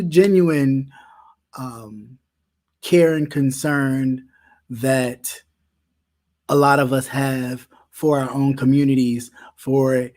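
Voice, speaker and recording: A man's voice: mid-range voice, darkish tone. A man hosting a talk show, giving impassioned commentary and often restarting his sentences as he presses a point. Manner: emphatic, with many repeated restarts.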